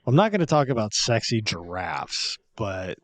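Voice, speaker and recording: A man's voice: on the low side, sing-song, moderate pace. Easygoing male podcast host. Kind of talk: casual chat.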